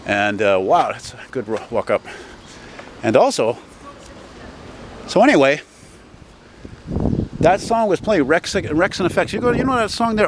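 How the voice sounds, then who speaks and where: A man's voice: fairly high pitch, big pitch swings, a little slow, long pauses, noisy background. Rambling man vlogging on a city walk. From Montreal. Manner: rambling, chatty, swears casually, many fillers. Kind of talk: casual walking monologue. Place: outdoors on a city street.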